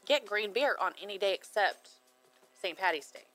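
A woman's voice: medium pitch, animated, moderate pace, fairly bright tone, soft background music, poor audio. A woman co-hosting a radio show in casual banter, dry and teasing.

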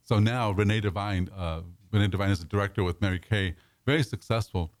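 A man with a lowish voice hosts a casual talk show at a quick clip. He rambles, restarts phrases and repeats words as he goes. The sound is dry and close. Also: dry recording. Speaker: radio show host.

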